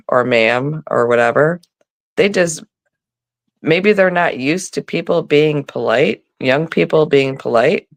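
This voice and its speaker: A woman's voice: extremely low pitch, slow, dry recording. A middle-aged woman telling stories in a casual live chat, acting out the voices she quotes, on a phone mic. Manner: chatty storytelling, acts out quoted voices. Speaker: co-host.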